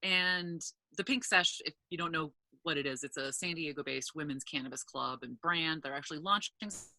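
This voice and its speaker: A woman telling a funny story in a casual chat, animated and loud when she acts out quotes, swearing freely. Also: low-pitched, moderate pace, gravelly, dry recording. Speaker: podcast guest, cannabis entrepreneur.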